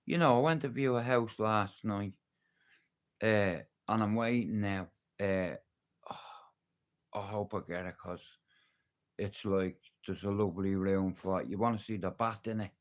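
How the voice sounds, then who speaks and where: A man's voice: on the low side, a little slow. An Irish man chatting loosely on a livestream, rambling and swearing a lot in a jokey way. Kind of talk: casual live-stream chat.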